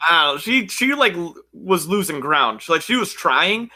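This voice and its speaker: A man co-hosting a podcast, talking casually and excitedly about an anime with lots of "yo" and "like". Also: a little high, moderate pace. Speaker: podcast co-host.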